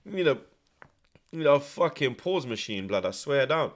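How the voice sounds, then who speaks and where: This young man streams a football watch-along, calling the match live in an excitable, slang-filled style. He swings between quiet mutters and sudden loud outbursts, speaking in a mid-range voice at a moderate pace.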